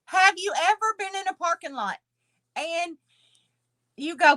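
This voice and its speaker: A woman guest with a very high, bright voice that swoops up and down as she talks. She tells her stories in an animated way and breaks into giggles. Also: a little slow, long pauses. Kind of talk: casual chat.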